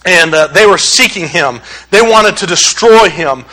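High-pitched, bright-voiced male preacher. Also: a little slow, poor audio. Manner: humorous, animated, conversational preaching. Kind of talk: sermon.

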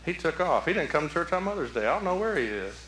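A man preaching a homespun sermon in a church, his voice a little higher than most and bright and forceful. He keeps checking in with the congregation through rhetorical questions and repeats phrases as he goes. The room gives his voice a roomy echo. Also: very animated, fast talker, a little hiss or hum. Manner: conversational, repetitive, full of rhetorical questions. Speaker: pastor. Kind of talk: folksy Mother's Day sermon. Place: church sanctuary.

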